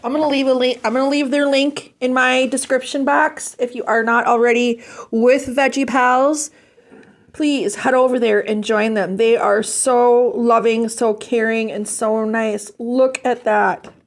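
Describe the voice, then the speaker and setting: Slow-talking gushy woman vlogger. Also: on the high side, steady tone. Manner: gushing, sentimental, warm thanks. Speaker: vlog host. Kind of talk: casual chat, opening fan mail.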